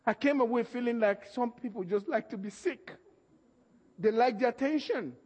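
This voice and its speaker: High-voiced man preaching a lively sermon. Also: normal speed, husky, in a large hall, highs cut off. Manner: animated storytelling, laughs often, acts out voices. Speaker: pastor.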